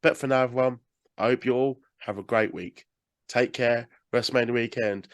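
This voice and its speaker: A man's voice: medium pitch, fairly even intonation, moderate pace, dry recording. A British man with a stuffy cold, hosting a casual podcast interview in a chatty, rambling way and swearing now and then. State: congested with a cold. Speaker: podcast host.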